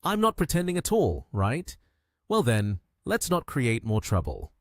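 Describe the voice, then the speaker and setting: A man voicing an excitable, cheerful young man. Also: medium pitch, unhurried, dry recording, studio quality. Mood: excited.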